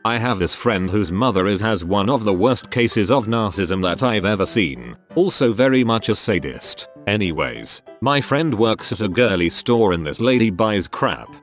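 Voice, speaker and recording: A man with a fairly low voice reads stories aloud as a narrator. His pitch swings widely as he moves between plot and quoted lines, and faint music plays under him. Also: lively intonation, moderate pace, hardly any pauses. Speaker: narrator reading online stories. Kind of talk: scripted story narration.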